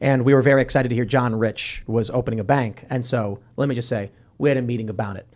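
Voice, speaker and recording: A man's voice: medium pitch, steady tone, fast talker, a little mellow. A man hosting a podcast, reading viewer comments aloud and chatting casually with wry, jokey asides. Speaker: podcast host.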